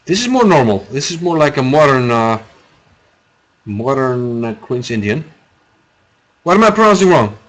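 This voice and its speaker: A man's voice: medium pitch, sing-song, normal speed, pauses often. A man from Iceland, giving rambling, chatty live commentary on a chess game and answering viewers' chat.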